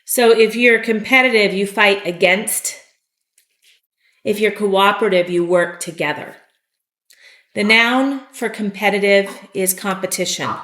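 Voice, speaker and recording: Slow, patient woman teaching English. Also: medium pitch, fairly bright tone, roomy sound. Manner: slow, patient explaining with fillers. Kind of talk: vocabulary lesson.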